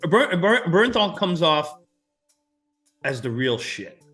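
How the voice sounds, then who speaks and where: Passionate swearing man, slightly high voice. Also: sing-song, takes it slowly, fairly bright tone. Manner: passionate, profane, hums movie music. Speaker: co-host. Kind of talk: casual podcast movie chat.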